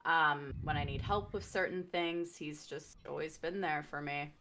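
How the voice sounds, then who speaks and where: A woman playing in a tabletop role-playing game, giving plain, low-key answers. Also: normal speed. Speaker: player. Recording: noisy background.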